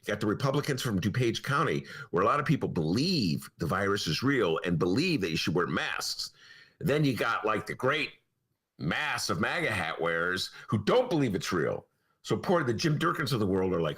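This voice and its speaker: A man co-hosting a podcast in casual, joking political chat, with big swings in pitch. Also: moderate pace, husky. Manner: animated, joking, swings his pitch a lot. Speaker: podcast co-host.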